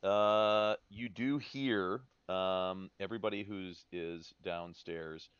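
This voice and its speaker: A man running a tabletop game as dungeon master, relaxed and jokey, trailing off with fillers. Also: sits low, takes it slowly, clear, resonant tone, dry recording, muffled recording.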